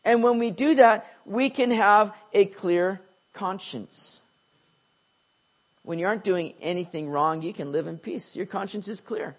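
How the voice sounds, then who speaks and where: A middle-aged man preaching a sermon, telling stories with swings from quiet asides to excited bursts. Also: high voice, measured pace. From Canada. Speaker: pastor.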